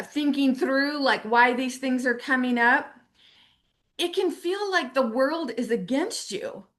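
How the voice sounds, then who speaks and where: A woman speaking as a spiritual teacher, telling a personal story in a casual, animated way and acting out her own inner voice. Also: sits high. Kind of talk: casual personal reflection to camera.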